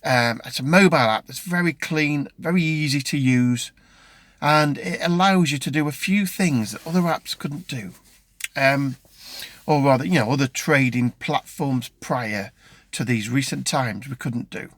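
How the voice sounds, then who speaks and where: A man's voice: medium pitch, measured pace, fairly bright tone, no echo. Chatty middle-aged British man, dry sound. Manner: rambling, chatty, with frequent ums and restarts. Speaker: vlogger. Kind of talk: casual chat.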